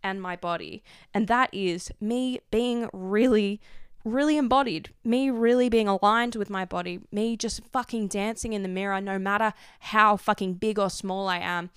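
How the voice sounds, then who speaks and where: A woman's voice: mid-range voice, clear, resonant tone, no room sound, studio quality. A young woman hosting a podcast, talking intensely about her body and often swearing. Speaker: podcast host. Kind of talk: passionate solo podcast talk.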